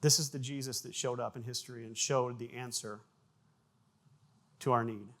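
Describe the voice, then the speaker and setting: Male pastor, mid-range voice, relaxed conversational preaching. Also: medium pitch, moderate pace. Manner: conversational preaching with restarts, bursts of loud acted sound effects. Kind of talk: sermon.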